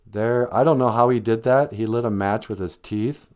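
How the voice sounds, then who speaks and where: A man's voice: lowish voice, normal speed, a little mellow, clear, resonant tone. A man hosting a live stream, retelling a film in a rambling, chatty way. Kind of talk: casual storytelling.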